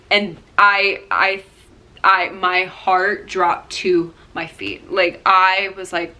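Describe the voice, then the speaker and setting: A woman's voice: mid-range voice, measured pace, bright, forceful tone. A young woman vlogger telling a personal story to camera in a rambling, heartfelt way, full of fillers and acted-out quotes.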